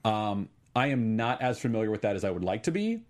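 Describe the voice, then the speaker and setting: A man's voice: fairly low pitch, sing-song, fairly quick. A man hosting a podcast, reading out listener messages and chatting casually, with lots of fillers. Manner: rambling, filler-heavy, good-humored.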